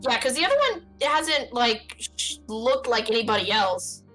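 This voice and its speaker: A woman streamer with a bright, forceful voice reads a story game aloud and reacts between lines, swearing freely. Faint music plays underneath. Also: on the high side, poor audio. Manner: expressive, swearing, quick reactions.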